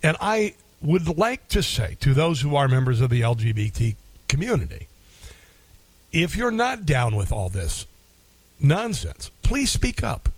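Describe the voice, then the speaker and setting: A man's voice: fairly high pitch, very animated, a little slow, breathy edge, no room sound. A middle-aged man hosting a talk radio show, delivering an opinionated monologue in a combative, indignant tone and repeating phrases for emphasis.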